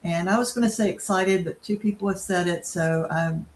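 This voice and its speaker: A woman's voice: on the low side, moderate pace, a little hiss or hum. A woman with a Southern accent, from North Carolina, introducing herself playfully on a video call.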